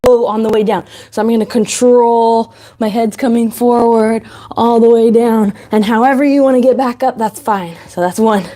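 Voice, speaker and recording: A woman's voice: a little high, fairly even intonation, moderate pace, mellow, faint music behind. A woman fitness instructor leading a home workout, chatty as she cues each move and counts reps.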